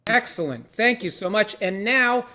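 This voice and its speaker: A man's voice: high-pitched, lively intonation, normal speed, sharp tone. Upbeat guy running an online seder over video call, lots of ums. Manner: upbeat, encouraging, with frequent fillers. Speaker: rabbi leading an online seder. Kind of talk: casual hosting and cueing participants.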